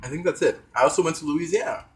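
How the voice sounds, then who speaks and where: A man's voice: fairly high pitch, fast. A young man vlogging in a rambling, hesitant casual monologue, talking while eating with his mouth full. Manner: hesitant, trailing off, many fillers.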